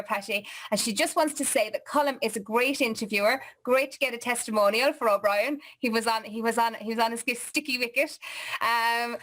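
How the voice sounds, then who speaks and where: A woman's voice: a little high, fairly bright tone. Upbeat woman hosting a chat show. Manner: upbeat, chatty, reads comments aloud. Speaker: host. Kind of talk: live online chat show, reading viewer comments.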